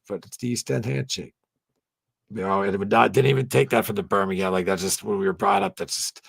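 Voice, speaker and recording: A man's voice: sits low, creaky, husky, no echo. A man hosting a fan channel in a casual late-night live stream chat, rambling along and swearing freely. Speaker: host of a fan tribute channel.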